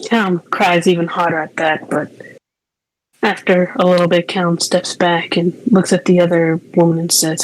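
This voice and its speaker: A woman's voice: lowish voice, level tone, moderate pace, rough recording. A woman playing a tabletop game, narrating her character's actions hesitantly. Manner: hesitant, soft-spoken narration. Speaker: player.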